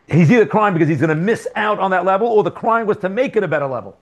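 A man giving a Torah class as a religious teacher, animated, with rhetorical questions and emphatic repetitions. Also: high voice, fast, hardly any pauses.

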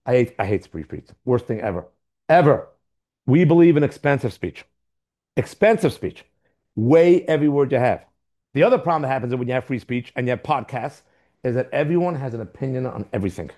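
A man's voice: medium pitch, expressive, fairly quick, mellow. A man teaching a Torah class to young listeners, emphatic and full of rhetorical questions, repeating key words for stress.

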